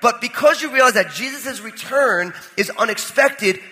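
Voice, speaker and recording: A high, bright male pastor from New with a husky edge, preaching in a conversational, joking storyteller's manner. His voice rings out with a long reverb in a large church hall. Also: animated, normal speed. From New Jersey. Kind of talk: sermon with personal storytelling.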